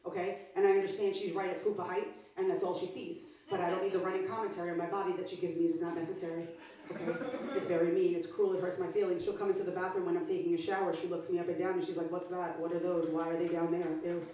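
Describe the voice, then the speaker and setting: A woman's voice: on the low side, flat delivery, racing, mellow, slight background noise. A woman comedian performing a stand-up set, with a brash, profane, punchy delivery. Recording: echoey club sound from far off.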